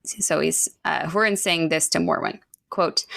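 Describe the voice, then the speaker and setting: A woman co-hosting a podcast talks through a book in a chatty way, full of fillers and little laughs, and now and then reads a passage aloud. She speaks slowly, and her voice has a gravelly edge. The recording is dry and close. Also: low-pitched, a bit bright, dry recording. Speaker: podcast co-host. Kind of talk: casual book discussion, reading quotes aloud.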